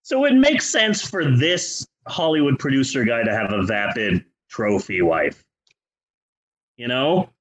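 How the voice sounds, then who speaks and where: A man co-hosting a comedy movie-review podcast, talking in a profane, sarcastic, animated way. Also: medium pitch, a little slow, poor audio. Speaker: podcast co-host.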